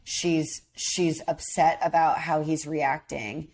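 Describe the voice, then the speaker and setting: A woman's voice: low-pitched, steady tone, slow pace, darkish tone, a little hiss or hum. A woman co-hosting a podcast, chatting casually and bluntly, with lots of "like". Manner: blunt, opinionated, says "like" often. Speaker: podcast co-host. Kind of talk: casual chat.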